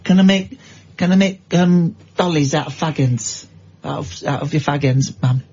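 A man's voice: a little high, normal speed, darkish tone, husky, dull audio. A man doing a whiny little mill child. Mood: plodding. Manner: whiny, repetitive begging. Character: poor nine-year-old Northern mill child, pleading.

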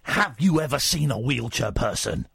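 A man hosting a talk radio show, needling a caller with absurd, deadpan arguments. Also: mid-range voice, moderate pace, vocal fry, husky, no echo, clean studio sound. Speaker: radio host.

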